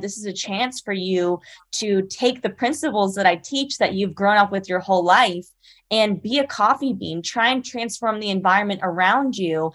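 A woman's voice: mid-range voice, a bit bright. A young woman in her twenties from South Carolina, earnestly telling a personal story as an interview guest, with lots of "like" and "you know". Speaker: guest, speaker.

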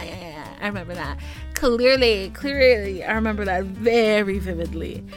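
A woman in her twenties from the Caribbean, hosting a podcast and telling stories in a casual, animated way, dipping into whispers and high squeals. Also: moderate pace, faint music behind. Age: 20s. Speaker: podcast host. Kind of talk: casual storytelling monologue.

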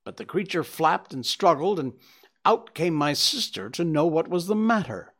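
A man's voice: on the high side, sing-song, normal speed, a bit bright, breathy edge, voice pushed up, exaggerated voice. A man playing a desperate, frightened man confessing how he stole, in an audiobook reading. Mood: anxious. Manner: agitated, pleading storytelling.

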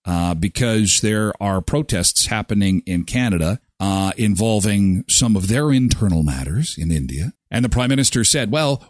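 A man's voice: on the low side, no room sound, clean studio sound. A man hosting a morning show, commenting on news clips with joking, mocking asides. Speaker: host.

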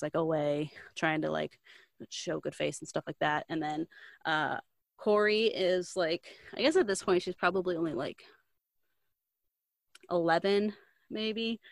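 A young woman with a slightly low voice tells a story in a loose, rambling way, filling every gap with "like" and tossing in slangy asides. The sound is dry and close, with no room around it. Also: fairly bright tone, no echo. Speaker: podcast co-host recapping a book. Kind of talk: casual storytelling chat.

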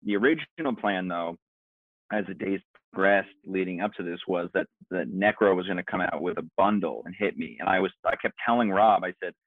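A man's voice: low voice, a little fast, no room sound, phone-quality sound. A man co-hosting a podcast, telling a rambling story and acting out what people said to him. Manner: rambling storyteller, acts out quotes. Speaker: podcast co-host. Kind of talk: casual chat.

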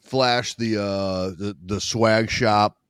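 A man co-hosting a casual podcast, talking in a halting, joking way. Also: on the low side, steady tone, fairly bright tone, clean tone, no echo, clean studio sound. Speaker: podcast co-host. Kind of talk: casual chat.

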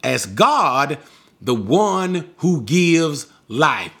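A man's voice: on the high side, very animated, measured pace, a bit bright. A man teaching a Bible passage verse by verse, emphatic, posing rhetorical questions and answering them himself.

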